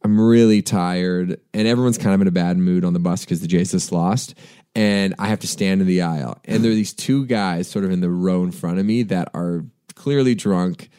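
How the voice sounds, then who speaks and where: A Canadian man, a podcast co-host, telling a rambling story in casual chat and getting animated when he quotes people. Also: fairly low pitch, clear, resonant tone, no echo, clean studio sound. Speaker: podcast co-host and band singer.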